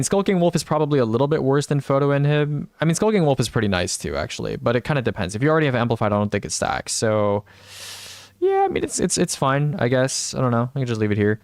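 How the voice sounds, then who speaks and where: A young male streamer with a smooth, resonant voice, close and dry on the mic. He rambles and second-guesses himself in easy, laid-back gaming chatter, answering chat as he goes. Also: mid-range voice, very animated, quick pace, no room sound. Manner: rambling, thinks aloud, reads chat replies. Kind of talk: casual live-stream gaming commentary.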